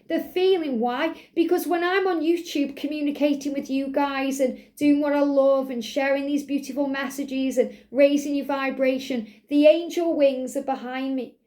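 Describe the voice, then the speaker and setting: A woman's voice: sits high, darkish tone. A woman hosting a spiritual video, telling a heartfelt personal story in an earnest, emotional way. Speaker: spiritual channel host. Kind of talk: casual spiritual talk to viewers.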